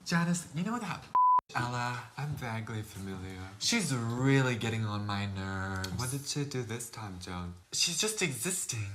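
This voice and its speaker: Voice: mid-range voice, sing-song, moderate pace, background noise, natural voice. A drag performer playing a catty blue alien sister in a campy comedy sketch, trading sing-song gossip.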